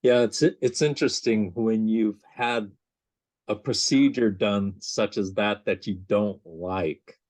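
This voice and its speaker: A man's voice: fairly low pitch, takes it slowly, darkish tone. Curious male interview host. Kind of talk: interview questions.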